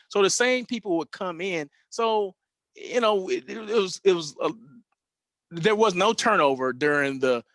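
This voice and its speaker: Telling hotel-career stories on his hospitality show, the host chats in a meandering way, often breaking off to correct himself and begin again. The man's voice leans high with a fairly bright tone, recorded dry.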